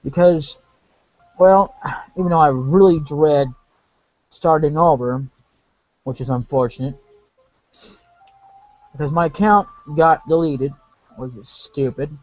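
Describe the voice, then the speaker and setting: A man's voice: a little high, slow, long pauses, darkish tone, dry recording, rough recording. A man giving casual, rambling gameplay commentary, correcting himself and drifting into asides. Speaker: let's play commentator.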